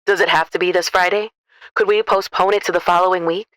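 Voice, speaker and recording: A woman voicing a polite male trucking dispatcher with a smooth voice and a courteous, businesslike manner on the phone. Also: fairly low pitch, fairly even intonation, quick pace, a bit bright, dry recording, close to an everyday voice.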